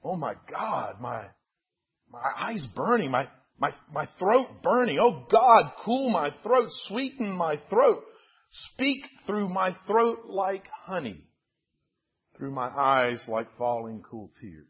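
A man doing Moses as an anguished soul crying out in pain and shame, his pleas breaking into repeated cries. The voice is husky and drawn out, and the recording sounds dull and lo-fi. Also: medium pitch, animated, a little slow. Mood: pleading. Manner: pleading, repeating broken cries.

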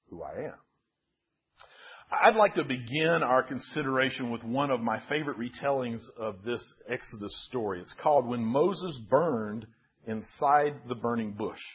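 A man's voice: mid-range voice, breathy edge, highs cut off. A man preaching a sermon and reading a story aloud, earnest and repeating words for stress.

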